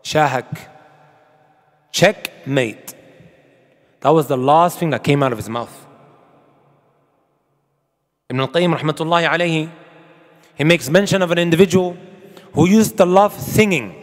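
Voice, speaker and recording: A man's voice: on the high side, normal speed, long pauses, big-room sound. A man preaching a sermon to an audience, emphatic and full of rhetorical questions, with Arabic quotations. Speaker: Islamic preacher.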